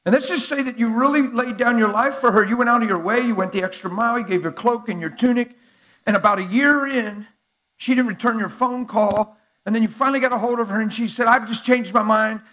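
A man preaching a sermon to a live congregation in an animated, conversational way, acting out dialogue as he goes. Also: very high voice, fast talker. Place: church sanctuary before a live crowd.

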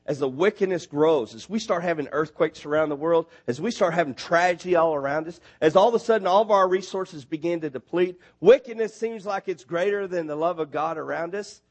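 A man preaching a sermon, animated and building to emphatic near shouts on his points. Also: a little high, brisk, few pauses. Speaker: missionary preacher. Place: church.

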